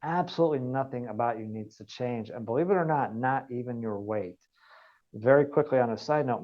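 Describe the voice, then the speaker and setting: A man's voice: medium pitch, muffled recording. A man giving an online wellness training, earnest and repeating key points for emphasis. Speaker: wellness coach.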